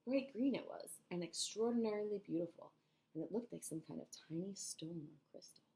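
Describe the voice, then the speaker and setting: A woman's voice: medium pitch, moderate pace, mellow, pitched above the performer's own voice, lightly acted. A woman voicing a boastful, rascally male centipede in a storybook reading, bragging and gleeful.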